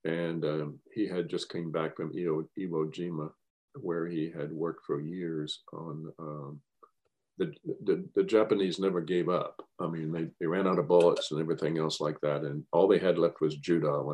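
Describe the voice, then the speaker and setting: A man's voice: extremely low pitch, little pitch movement, moderate pace, dark tone. An older man, a guest, telling a rambling, wry story in casual chat.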